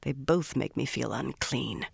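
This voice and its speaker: A reader voicing a noblewoman in an audiobook, speaking in a tight, measured and formal way. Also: medium pitch, vocal fry, breathy edge, dry recording, clean studio sound, voice pushed down, exaggerated voice. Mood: tense warning. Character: poised noblewoman, tense and guarded.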